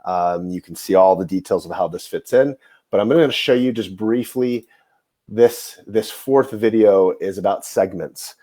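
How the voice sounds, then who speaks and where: A man who hosts a coaching program for chiropractors, talking quickly and admitting he is rushing as he walks colleagues through his clinic method. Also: lowish voice, dark tone. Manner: rushed and self-admittedly fast-talking. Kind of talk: quick how-to talk to fellow clinicians.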